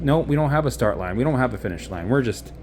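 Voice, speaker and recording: In a casual vlog, a man guides viewers through exposure practice, first acting out an anxious walk and then explaining it animatedly. His voice is medium-pitched and he talks fast over a noisy background. He starts out and about and later speaks from a car.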